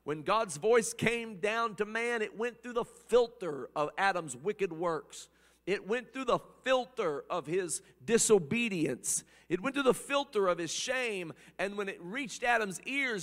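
A man preaching a sermon, swinging between hushed passages and loud, impassioned ones, often repeating words as he builds. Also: sits high, big pitch swings, measured pace, big-room sound.

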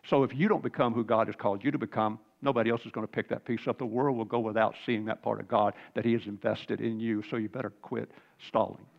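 Man in his 60s, gravelly, delivering a fervent faith testimony on a dull, lo-fi recording. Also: lowish voice, fairly even intonation, fast, hardly any pauses. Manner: earnest, fervent storytelling with throat-clearing and repeated words. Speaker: Christian speaker sharing a testimony. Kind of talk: emotional spiritual testimony.

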